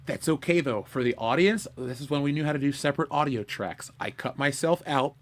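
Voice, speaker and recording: A man co-hosting a podcast in casual chat, excitable and quick to laugh as he plugs his projects. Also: mid-range voice. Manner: excitable, laughs a lot, plugs merch and Patreon. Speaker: podcast co-host.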